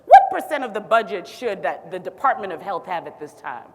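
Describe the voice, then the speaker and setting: A woman from Zimbabwe, a physician, telling her story in a public talk with sassy, animated asides to the audience. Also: mid-range voice, fairly quick. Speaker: physician and city health director speaking on stage. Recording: long reverb of a large hall.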